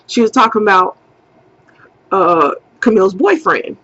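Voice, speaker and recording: A woman's voice: medium pitch, takes it slowly, dull audio. A young woman telling a story casually, swearing freely and acting out what people said. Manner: animated, acts out quotes, swears freely. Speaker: vlogger.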